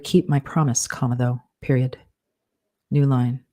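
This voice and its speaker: A man's voice: medium pitch, flat delivery, unhurried, dark tone. A man dictating a novel aloud, speaking each comma and period as he goes. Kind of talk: dictation with punctuation spoken aloud.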